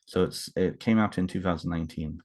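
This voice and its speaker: Unboxing books for a casual home vlog, a man talks with a low, slightly mellow voice. He's visibly moved, and his halting speech is filled with restarts and fillers.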